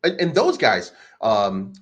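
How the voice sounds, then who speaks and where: Low-voiced man ranting crudely. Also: wildly swooping pitch, slow. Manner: rambling, crude and mocking, many fillers. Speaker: crypto channel host. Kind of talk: casual unscripted rant. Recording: dull lo-fi recording.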